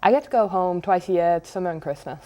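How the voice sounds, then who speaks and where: A woman's voice: lowish voice, fast, mellow. A young woman with an English accent, answering questions as a college golfer in an interview. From England. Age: young adult.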